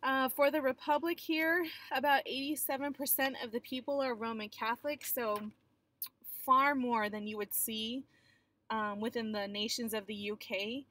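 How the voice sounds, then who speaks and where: A woman's voice: a little high, steady tone, normal speed, a bit bright. A young adult woman teacher giving a recorded geography lecture in a chatty, explanatory way with frequent filler sounds.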